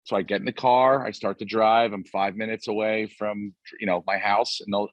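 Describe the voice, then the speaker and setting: A man's voice: on the low side, steady tone, fairly quick, few pauses, no room sound, highs cut off. A man in his forties hosting a podcast, telling rambling, profanity-laced stories in a casual chat. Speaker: podcast host.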